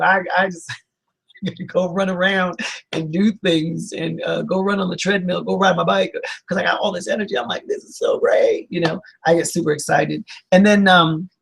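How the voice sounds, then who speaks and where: A man speaks as a counselor in an informal motivational talk. His voice is husky, with a gravelly edge. He sounds earnest and upbeat, and he rambles with fillers and restarts. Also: high-pitched, fairly bright tone, poor audio. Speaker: licensed counselor giving motivational advice.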